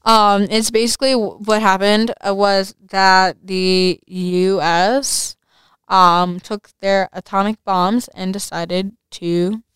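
Brief: teen girl podcaster with a lisp, slow unhurried delivery, very clear voice, dry close sound. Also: mid-range voice, no echo. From United States. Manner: rambling, many fillers and restarts. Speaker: podcast host. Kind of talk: casual solo podcast.

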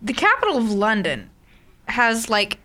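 A woman's voice: a little high, huge pitch swings, unhurried, pushed and bright. A woman co-hosting a casual chat, rambling and full of fillers and self-corrections. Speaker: co-host.

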